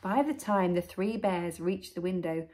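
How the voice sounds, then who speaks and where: A woman, a nursery teacher, reading a storybook to young children with an expressive, gently coaxing manner and soft asides. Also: on the low side, measured pace.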